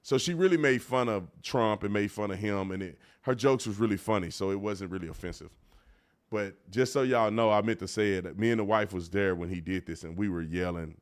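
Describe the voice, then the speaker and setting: A man's voice: fairly low pitch, brisk. A man hosting a live commentary show, talking in a casual, colloquial way and repeating words when he gets worked up. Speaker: podcast host.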